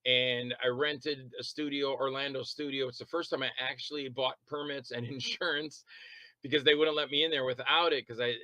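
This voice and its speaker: A man chatting as an interview guest, telling long rambling stories about making films, quick to laugh and to act out what others said. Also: mid-range voice, steady tone, sharp tone, no echo, rough recording. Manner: rambling anecdotal storytelling. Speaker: interview guest, independent filmmaker and actor. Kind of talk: casual interview chat.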